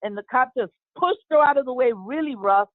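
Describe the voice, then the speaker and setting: Woman, eyewitness, halting retelling, lots of fillers, phone-quality sound, dry. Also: high-pitched, no echo. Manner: halting, many fillers and restarts. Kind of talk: recounting an incident in an interview. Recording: tinny phone-line audio, dry.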